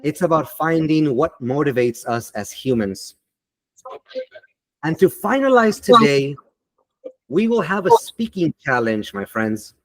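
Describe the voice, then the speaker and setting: Man, teacher webinar, slow deliberate delivery, emphatic, dry sound, video call mic. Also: fairly high pitch, big pitch swings, no room sound.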